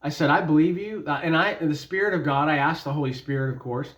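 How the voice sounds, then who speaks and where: A man's voice: fairly high pitch, fast, fairly bright tone. A man giving an informal devotional Bible talk, telling stories in a folksy, conversational way with fillers. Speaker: Bible teacher. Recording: dull lo-fi sound.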